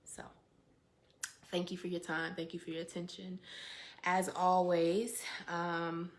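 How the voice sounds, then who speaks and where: A young adult woman hosting her weekly update as an educator, talking in a casual, reflective way with emphatic, animated stretches and colloquial asides. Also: on the low side, slow pace.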